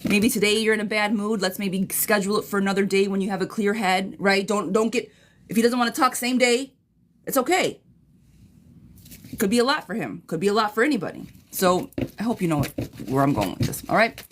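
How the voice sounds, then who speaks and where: In a casual live-stream replay, a woman tarot reader with a medium-pitched voice talks fast as she answers viewers' questions. She's blunt and chatty, calling them girl and friend.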